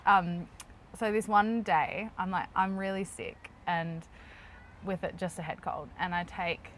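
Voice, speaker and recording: An Australian mother in her thirties co-hosts a casual family travel chat, her lowish voice unhurried over slight background noise. She's lively, telling animated stories full of laughter and "like" fillers.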